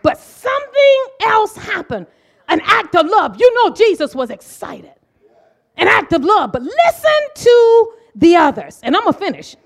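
A middle-aged woman preaching with fervor, her very high voice leaping up and down in pitch. She drops to quiet asides, then rises into shouted declarations to her congregation. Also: wildly swooping pitch, a little slow, gravelly. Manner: impassioned, swings from hushed to shouting. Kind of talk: sermon.

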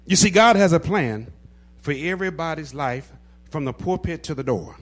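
A man preaching a sermon who builds to shouted, half-sung cadences and drops back to quiet, gravelly asides. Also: fairly high pitch, lively intonation, normal speed. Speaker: pastor.

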